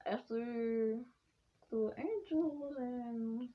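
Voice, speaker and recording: A woman casually spinning a fan story in a rambling way, with many restarts and quick switches into the characters' voices. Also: fairly high pitch, dull audio. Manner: rambling, full of fillers and restarts, jumping between voices.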